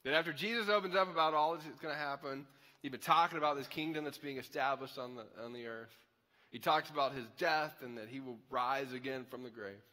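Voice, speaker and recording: Pastor guy preaching, bright tense voice, chatty asides, big echoey church hall. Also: mid-range voice, fairly quick. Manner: conversational, animated storytelling with asides. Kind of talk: sermon. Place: church auditorium.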